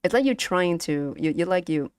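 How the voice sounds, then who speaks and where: A woman's voice: lowish voice, expressive, moderate pace, smooth, dry recording, clean studio sound. A woman with a Vietnamese accent teaching her stream chat to pronounce Vietnamese tones in a playful, giggly way. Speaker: vtuber language streamer. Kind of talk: casual language lesson to stream chat.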